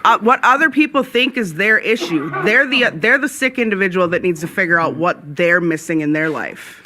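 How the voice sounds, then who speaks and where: A woman's voice: lowish voice, animated, normal speed, background noise. A woman guest on a recovery podcast, speaking emphatically and encouragingly. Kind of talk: casual recovery podcast chat.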